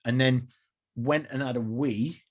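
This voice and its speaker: A man tells his stories in a husky, breathy voice at an ordinary pitch. He is a podcast guest in casual chat, peppering tales with swearing and quick impressions. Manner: animated anecdotes, swearing, mimics voices. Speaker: interview guest, tribute performer. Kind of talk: casual storytelling.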